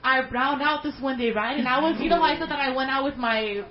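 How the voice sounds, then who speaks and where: A woman telling a long story in casual chat, animated, swearing a lot and using slang. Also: sits high, fast talker, reverberant, highs cut off, slight background noise.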